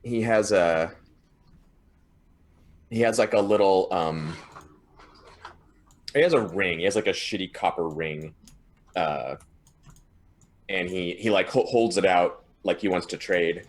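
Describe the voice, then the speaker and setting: A man playing a tabletop game, talking casually and haltingly with restarts. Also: low voice. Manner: halting, stammering. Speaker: player.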